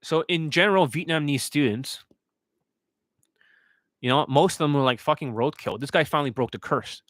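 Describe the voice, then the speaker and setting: A man's voice: a little high, moderate pace, fairly bright tone, no room sound. A man giving a profane, scornful monologue as a dating coach, ranting aggressively.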